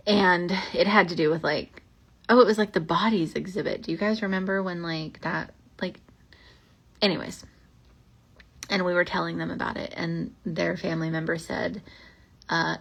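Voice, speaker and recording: A woman's voice: fairly low pitch, steady tone, creaky, breathy edge. A young woman hosting a podcast, reading old ghost stories aloud and rambling in a casual, chatty way, full of fillers and asides. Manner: rambling and chatty, many fillers, slows down for spooky lines.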